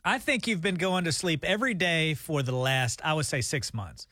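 A man co-hosting a morning radio show, joking in a deadpan, mock-serious way. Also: a little high, normal speed, no echo. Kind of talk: casual radio banter. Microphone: studio microphone.

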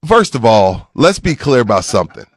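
Animated man in his forties, sports radio host. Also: medium pitch, a little fast, slightly rough, no echo, studio quality. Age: 40s. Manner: animated, laughing and raising his voice when riled. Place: radio studio. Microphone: studio mic.

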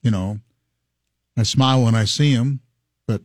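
A man's voice: mid-range voice, dry recording, studio quality. A man co-hosting a morning talk show, trading quips and sayings with a wisecracking manner. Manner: wisecracking, quick with quips and laughter. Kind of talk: casual chat.

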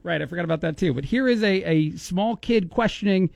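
A man's voice: high voice, gravelly, darkish tone. A man with a New York accent hosting a radio show, bantering in a playful, teasing way. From East Coast of the US. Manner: playful, teasing, quick joking. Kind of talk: casual studio banter. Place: radio studio. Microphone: studio microphone.

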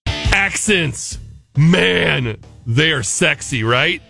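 Radio morning guy, high voice that jumps all over, bright, joking, music under him. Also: lively intonation, very slow, gravelly. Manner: jokey, does goofy fake accents. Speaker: radio morning show host. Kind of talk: casual radio banter.

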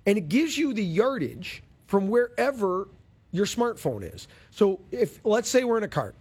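A male golf show host chats casually with his co-host and reads a product plug with a self-deprecating touch. His husky voice is high-pitched and sing-song with a darkish tone, delivered at normal speed.

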